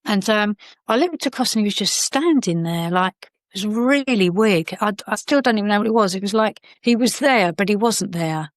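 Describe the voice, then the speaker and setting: A woman's voice: mid-range voice, lively intonation, moderate pace, dry recording. A woman, a podcast guest, telling an emotional personal story in a rambling way, full of fillers and restarts.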